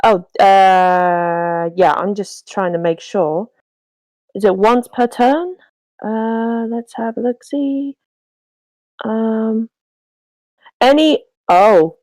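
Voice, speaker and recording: A woman's voice: mid-range voice, very slow, long pauses, a little mellow, no echo. A woman playing a tabletop game, chatty and musing as she thinks aloud. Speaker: player. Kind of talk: casual tabletop play.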